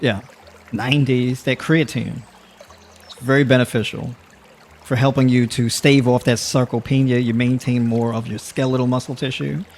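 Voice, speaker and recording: A man of middle pitch hosts a loose, chatty livestream. He talks straight to his audience, slips in easy laughs and lots of filler words as he rambles on. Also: flat delivery, normal speed, darkish tone, a little hiss or hum. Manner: addresses audience with y'all. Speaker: livestream host. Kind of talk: casual livestream talk to the chat.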